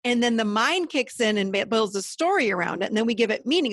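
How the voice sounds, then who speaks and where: A woman's voice: fairly high pitch, fast talker, few pauses, no echo. Dry-sounding woman explaining feelings. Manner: animated, explains with acted inner voices. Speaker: guest therapist. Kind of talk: conversational explanation.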